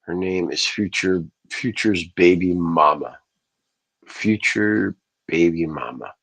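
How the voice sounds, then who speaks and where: A man's voice: sits low, slow, vocal fry, fairly bright tone, breathy edge, poor audio. A man ranting casually on a livestream, rambling and swearing as he answers his chat. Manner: profane, rambling, talks back to chat.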